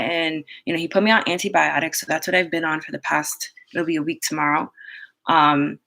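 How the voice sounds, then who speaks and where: A woman's voice: low-pitched, steady tone, a little fast, creaky, a bit bright, poor audio. A woman beauty vlogger telling a personal story while doing her makeup, chatty and full of fillers, laughing often. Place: home, doing makeup in front of the camera.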